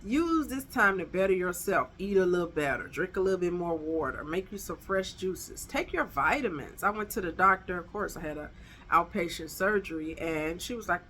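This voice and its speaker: A middle-aged woman talks straight to camera, handing out emphatic, chatty advice. Her voice is bright and forward, and a faint hiss sits behind it. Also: fairly low pitch, lively intonation, normal speed. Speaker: vlogger giving dating advice. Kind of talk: casual advice vlog.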